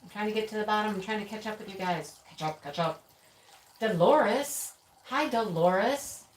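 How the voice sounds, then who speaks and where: A woman's voice: mid-range voice, moderate pace, distant mic. Woman host, chatty livestream greeter, sits back from the mic in an echoey room with faint hiss. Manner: chatty, laughs often, calls out names. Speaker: live stream craft host. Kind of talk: casual live chat greeting viewers.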